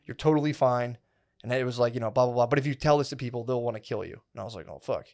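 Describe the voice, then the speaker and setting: A man's voice: mid-range voice, racing, a little mellow. Rambling storytelling man, chill podcast co-host. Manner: rambling storytelling, heavy "dude" and "like". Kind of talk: casual chat.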